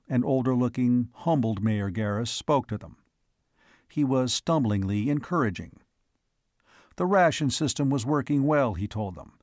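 A man narrating an audiobook of a classic science fiction story in a steady, even manner. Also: mid-range voice, no room sound, clean studio sound.

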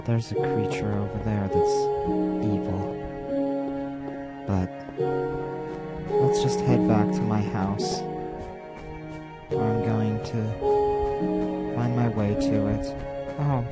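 A man's voice: lowish voice, level tone, takes it slowly, long pauses. A man giving casual, playful gameplay commentary, rambling and talking to himself as he plays. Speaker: let's play gamer. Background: loud game music.

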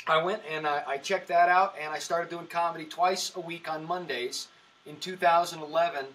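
A man's voice: fairly high pitch, fairly bright tone, far from the mic, low-quality recording. A man who works as a comedian, chatting as a podcast guest and telling long, rambling stories, often restarting his sentences. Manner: rambling storytelling with frequent restarts. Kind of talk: casual podcast chat.

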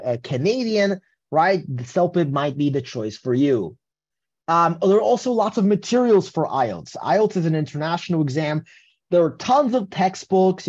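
A man's voice: on the high side, a little mellow. Male instructor running an online webinar, loose and chatty, heard through dull lo-fi sound. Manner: casual, tags statements with "right?". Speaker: English test prep instructor. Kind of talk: webinar presentation.

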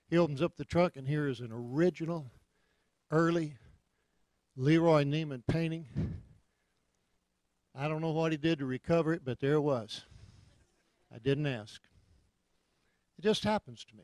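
Man, guest preacher, lively stories, slightly high voice, dry close sound. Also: moderate pace, pauses often, dry recording. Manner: animated storyteller, repeats punchlines. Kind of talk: anecdotal sermon. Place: church.

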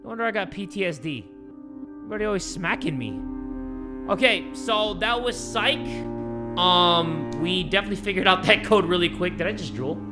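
A young man hosting a horror game let's play, joking constantly and breaking into loud outbursts. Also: sits high, lively intonation, moderate pace, over loud music. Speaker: gaming video host.

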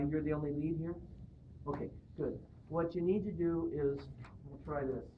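A man coaching a chorus in an animated, encouraging way, his voice a little higher than most. He is heard from across an echoey hall on a tinny, hissy recording. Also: distant mic. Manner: animated, encouraging, demonstrates vocal exercises. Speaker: singing judge. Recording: echoey room picked up from afar on a lo-fi, noisy device.

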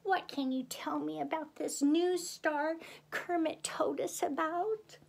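A woman's voice: sits high, takes it slowly. A woman putting on a vain, dramatic diva pig star. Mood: sweet. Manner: theatrical, haughty, shrieking when angry.

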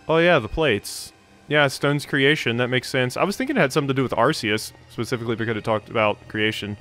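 A man's voice: mid-range voice, quick pace, fairly bright tone, soft background music. A man hosting a video game let's play, giving casual, rambling commentary between the game's dialogue. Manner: chatty, rambling asides with laughs.

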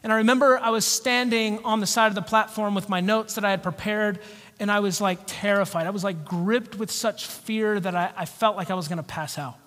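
A male pastor preaching a sermon with animated storytelling. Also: high-pitched, a little fast. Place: church sanctuary. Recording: long church hall reverb.

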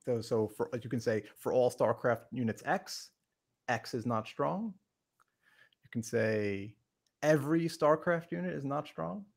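A man with a gravelly, creaky voice leads a casual logic lesson on a live stream. He often restarts his sentences and keeps the tone playful. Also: medium pitch, lively intonation, a little slow. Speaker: podcast host teaching logic.

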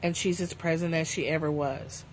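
A woman reads spiritual passages aloud on a livestream in a low, even voice. She moves slowly and reflectively through the text, now and then slipping into light, self-mocking asides. A faint steady hum sits under her voice, as if recorded on a phone. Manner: calm, slow reading, breaking off into joking asides. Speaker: livestream host reading spiritual texts. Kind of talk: reflective reading with casual asides.

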